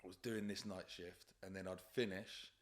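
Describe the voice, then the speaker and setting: A man's voice: low-pitched, flat delivery, normal speed. A young man, a podcast guest talking bluntly about his past jobs, swearing and laughing often. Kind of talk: casual chat.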